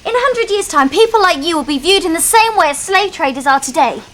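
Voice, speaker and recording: An actress playing a lazy, preachy young English barmaid with a whiny manner. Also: female voice, extremely high pitch, animated, fast, low-quality recording. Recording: sitcom audio with loud crowd and noise.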